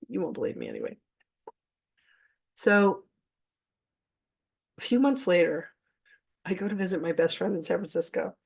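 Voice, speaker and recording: A woman whose voice is on the low side, creaky, darkish, and slightly rough hosts a spiritual masterclass, chatting candidly with her audience directly. She often laughs, curses offhandedly, and alternates between teaching and sharing her own stories.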